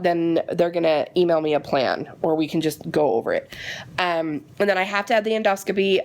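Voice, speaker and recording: A woman vlogging casually and retelling her day in a chatty, animated way, with a frustrated edge. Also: medium pitch. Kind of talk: casual vlog chat.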